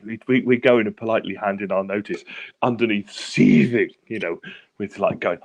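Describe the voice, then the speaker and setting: A man's voice: on the low side, normal speed, creaky. A British man co-hosting a casual chat show who laughs a lot and tells anecdotes. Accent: British English. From England. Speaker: podcast co-host.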